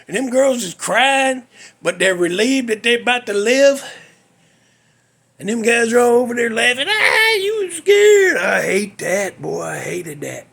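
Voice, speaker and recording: High gravelly man telling stories. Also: animated, a little slow, a bit bright. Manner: folksy, rambling, profane. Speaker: podcast host. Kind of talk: casual storytelling.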